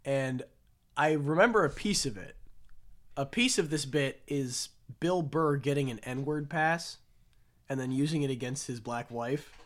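A man's voice: mid-range voice, a little slow. A man co-hosting a casual comedy podcast while gaming, riffing on silly bits in a rambling, jokey way. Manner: rambling, jokey, bursts into loud shouted impressions. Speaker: podcast co-host.

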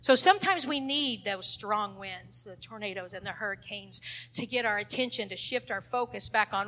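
A middle-aged woman, teaching an adult Sunday school lesson in a fervent preaching style. She swings between emphatic declarations and hushed passages. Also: mid-range voice, animated, normal speed.

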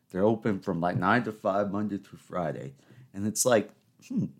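Young guy in his twenties, lowish voice, chatty solo podcast host who rambles and pokes fun at himself, then gets worked up. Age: 20s. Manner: rambling, self-mocking, rising into exasperated rants. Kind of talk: casual solo podcast monologue.

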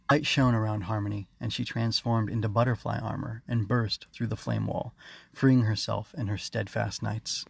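A man, the author, narrating his own story in a steady, measured audiobook reading. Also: on the low side, creaky, slightly rough, no room sound.

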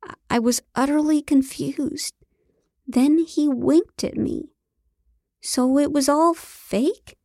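A woman narrating a comic novel in the first person, with a deadpan, wry delivery. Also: sits high, slow pace, no echo, clean studio sound. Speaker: audiobook narrator.

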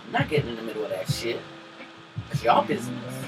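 A woman co-hosting a podcast, telling a personal story in a loose, profane, animated way and laughing often. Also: extremely low pitch, quick pace, far from the mic, over music, low-quality recording. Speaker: podcast co-host. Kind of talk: casual storytelling chat.

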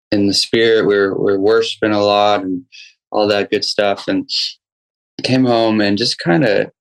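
A young man, a guest musician, telling a personal story in a casual interview, halting with many restarts and fillers. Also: on the low side, poor audio.

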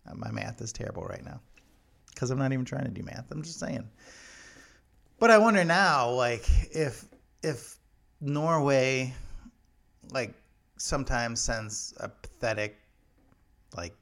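A man's voice: medium pitch, lively intonation, measured pace, gravelly, pauses often, fairly bright tone. A man telling a rambling, joking story in a casual vlog monologue. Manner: rambling, joking, many fillers. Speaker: vlogger.

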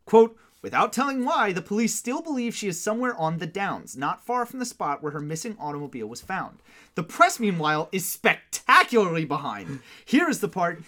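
A podcast co-host chatting casually and reading old newspaper articles aloud in a relaxed, wry way. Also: medium pitch, brisk. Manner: relaxed, wry, reads in long runs.

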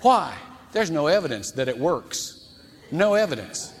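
A male pastor delivers a storytelling sermon in a casual, folksy and animated way. His voice sits slightly high. A long reverb from a church sanctuary trails behind each phrase. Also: unhurried, slight background noise.

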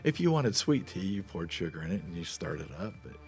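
A middle-aged man from Nebraska chats as an interview guest, telling easygoing, rambling stories. His voice sits very low with a gravelly fry. Faint music plays underneath. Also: big pitch swings, a little fast. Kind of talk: casual interview chat.

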